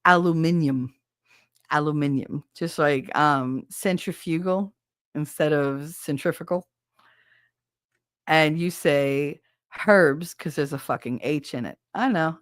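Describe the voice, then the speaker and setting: This woman's voice sits low and moves a little slowly, captured in clean studio sound without any room sound. She's a podcast host chatting casually with her live viewers from her bedroom at home, chatty and self-mocking, cursing freely and frequently laughing at herself.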